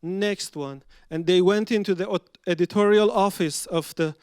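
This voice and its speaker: A storyteller from Iran, a man with a rather high, smooth voice. He performs his story theatrically, dropping to a hush and then rising again. The sound is close and dry. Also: normal speed, no echo. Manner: dramatic, acts out dialogue, shifts between loud and hushed.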